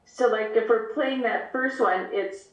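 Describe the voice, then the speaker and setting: A woman's voice: a little high, unhurried, reverberant, lo-fi sound. A woman student in an online fiddle class, asking careful, hesitant questions and singing the rhythm back.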